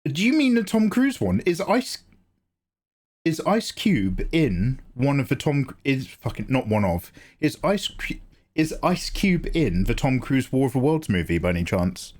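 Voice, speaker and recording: A man's voice: mid-range voice, very animated, measured pace, darkish tone. Rambling, sweary male streamer. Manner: rambling, sweary, jokey, greets chat by name. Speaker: streamer and artist. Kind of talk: casual livestream chat while drawing.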